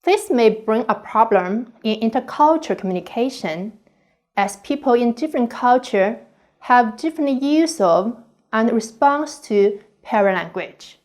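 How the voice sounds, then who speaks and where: Slow, careful higher-pitched woman lecturing. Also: expressive, darkish tone. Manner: slow, deliberate, carefully enunciated. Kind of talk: scripted online course lecture.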